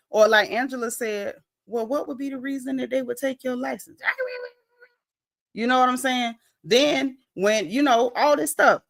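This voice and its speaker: A woman recapping a reality show in casual livestream chat. She tells the story with animated swings in her voice, acts out what the cast said, and reads viewer comments aloud. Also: a little high.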